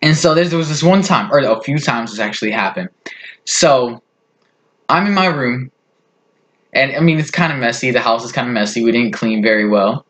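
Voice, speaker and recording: A man's voice: mid-range voice, normal speed, fairly bright tone. A man casually telling a funny family story on his vlog, rambling with lots of fillers. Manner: rambling, full of "like" and "you know". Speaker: vlogger.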